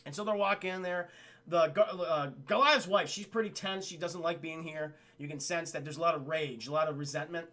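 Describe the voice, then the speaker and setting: A man giving a casual, profane cartoon review while talking with his live chat, in an animated way full of fillers. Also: fairly high pitch, fairly quick. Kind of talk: casual live-stream commentary.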